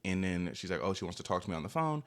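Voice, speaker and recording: Young male vlogger, low voice, quick rambling storyteller, cocky. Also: very animated, smooth. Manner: rambling, filler-heavy, self-assured. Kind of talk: storytime vlog.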